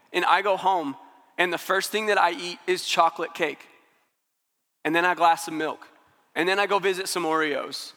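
A man's voice: high voice, sharp tone. Man preaching in a reverberant hall. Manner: earnest, conversational preaching with quoted inner voices. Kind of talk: sermon.

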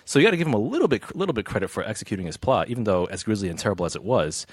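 Male podcast film reviewer, low voice, stop-start delivery, dry sound. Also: very animated, husky, dry recording. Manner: halting, repeats words, laughs often. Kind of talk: casual chat.

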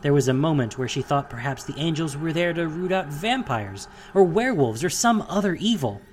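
A narrator reading a fantasy audiobook in a steady, dramatic storytelling manner. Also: mid-range voice, fairly quick, slight background noise.

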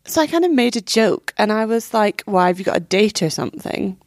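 A woman's voice: mid-range voice, fast talker, few pauses, darkish tone, dry recording, clean studio sound. A young woman telling a painful personal story as an interview guest, candid and swearing, acting out what others said.

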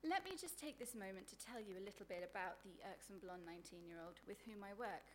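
A woman reading her own comic prose aloud at a live book event, in a sardonic, deadpan voice full of crude insults. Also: medium pitch, quick pace, slight background noise. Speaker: author reading her work.

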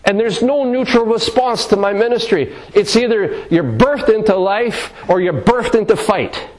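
A man's voice: sits high, normal speed. A man preaching a sermon with passion, acting out scripture in a dramatic, shifting tone.

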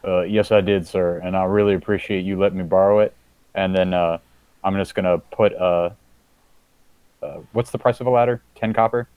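A man's voice: low voice, steady tone, moderate pace, clean tone, no echo, phone-quality sound. A man playing a tabletop game, laid-back and a bit hesitant. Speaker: player. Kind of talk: casual tabletop play.

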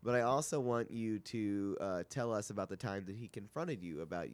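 A man's voice: on the low side, normal speed. A man hosting a casual podcast, loose and joking. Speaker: podcast host. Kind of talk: casual chat.

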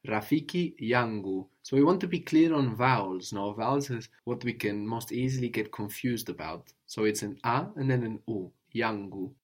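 A man's voice: mid-range voice, lively intonation, normal speed, hardly any pauses. A man teaching a language lesson patiently, often checking in with a questioning "no?".

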